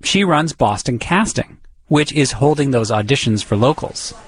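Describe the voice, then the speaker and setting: A man's voice: mid-range voice, lively intonation, moderate pace, breathy edge, poor audio. A man reporting a radio feature and interviewing a guest in a curious, chatty way.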